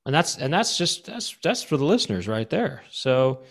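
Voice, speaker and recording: A man's voice: medium pitch, very animated, normal speed, creaky. A man co-hosting a comedy podcast, chatting casually and joking around. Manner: joking, does goofy barking song impressions. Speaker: podcast co-host.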